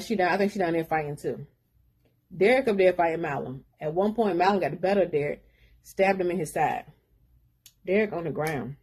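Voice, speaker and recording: Brief: husky-voiced woman, relaxed book recap, rambling and slangy. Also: on the low side. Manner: rambling retelling with slangy asides. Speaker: book reviewer.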